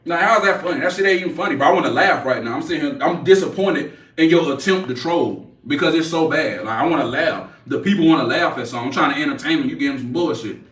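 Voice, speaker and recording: Man, forties, brash livestream talk, fairly high voice, echoey room away from the mic. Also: lively intonation, quick pace, hardly any pauses, fairly bright tone, distant mic. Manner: brash, profane, mocking trolls. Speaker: livestream host. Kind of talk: casual livestream chat.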